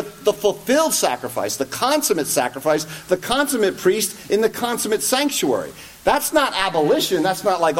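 A man preaching an expository sermon, emphatic and often checking in with a rhetorical "right?". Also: high-pitched.

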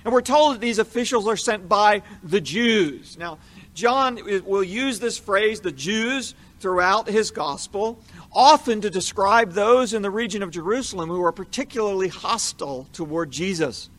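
A man giving a measured, explanatory Bible teaching, leaning into the verses he quotes. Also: sits high, fairly bright tone.

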